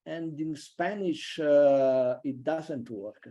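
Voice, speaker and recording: A man giving an online university lecture, halting and thinking aloud with many fillers and restarts. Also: a little high, warm tone. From Italy. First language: a regional language between France and Italy.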